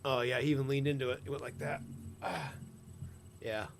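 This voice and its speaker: A man's voice: mid-range voice, fairly even intonation, a little fast, a little hiss or hum. A man hosting a casual reaction commentary show, mocking and sarcastic with crude jokes. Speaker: commentary host.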